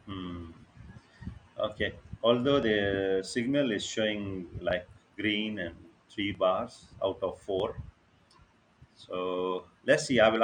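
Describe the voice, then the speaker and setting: A man's voice: on the low side, slow, slight background noise. A man running an online workshop, talking casually with many fillers and often checking that listeners follow. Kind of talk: casual live teaching over screen share. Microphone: video call.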